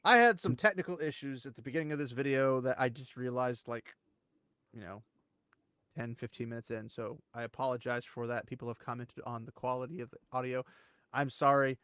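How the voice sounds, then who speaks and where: A man hosting casual online commentary, rambling and animated, with big jumps in pitch to stress his points. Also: brisk, clear, resonant tone, no echo. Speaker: channel host.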